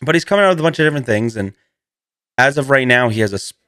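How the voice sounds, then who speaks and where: A man's voice: mid-range voice, lively intonation, very fast, a bit bright, no room sound, studio quality. A man hosting a casual comedy monologue, rambling and playful and laughing often between his bits. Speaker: host.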